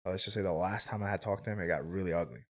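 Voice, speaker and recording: A man's voice: low voice, racing. A man in his twenties telling a personal story on a podcast, candid and rambling, swearing freely and filling his talk with "like" and "right?". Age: 20s. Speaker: podcast guest. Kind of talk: casual storytelling.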